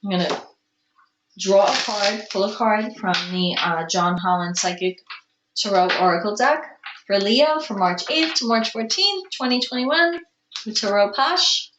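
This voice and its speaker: A woman doing a casual tarot reading to camera, slow and musing, with soft gushing exclamations and an allergy-roughened throat. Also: medium pitch, animated, roomy sound, highs cut off, noisy background. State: clearing her throat from allergies. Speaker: tarot card reader.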